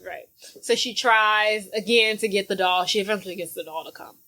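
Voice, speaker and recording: A woman's voice: mid-range voice, normal speed, a little hiss or hum. Casual woman retelling a movie. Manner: animated storytelling with acted-out quotes; casual slang. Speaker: podcast co-host. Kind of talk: casual movie recap chat.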